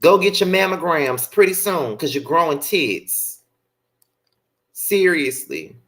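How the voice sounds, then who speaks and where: A man's voice: on the high side, lively intonation, takes it slowly, fairly bright tone. A young man hosting a livestream, ranting bluntly and profanely, repeating his points for emphasis. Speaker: show host.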